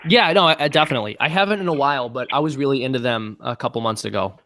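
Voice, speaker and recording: Gravelly-voiced man hosting a live Q&A. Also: medium pitch, a bit bright. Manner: chatty, halting, many ums. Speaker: channel host. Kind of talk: casual live-stream Q&A.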